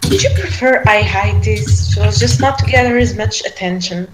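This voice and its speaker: A woman's voice: mid-range voice, normal speed, background noise, lightly acted. A woman voicing a polite summoned woman companion with formal, courteous phrasing.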